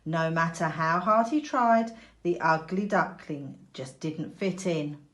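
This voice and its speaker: A woman teacher reading a picture book aloud to young children, slow, clear and expressive. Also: low-pitched.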